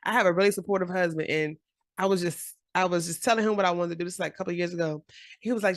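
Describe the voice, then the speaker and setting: A woman in her forties giving a casual, encouraging motivational talk to camera, animated and often laughing. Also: on the low side, racing, no room sound, clean studio sound. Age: 40s. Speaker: journaling vlogger.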